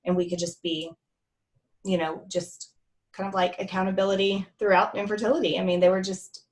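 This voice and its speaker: A woman's voice: mid-range voice, flat delivery, brisk. Earnest woman interview host. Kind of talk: casual interview chat.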